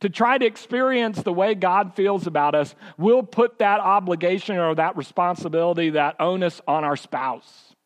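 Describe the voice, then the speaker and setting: A pastor preaching a sermon, telling stories and acting out the voices of the people in them. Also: male voice, high-pitched, moderate pace, hardly any pauses. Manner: storytelling, acting out quoted voices.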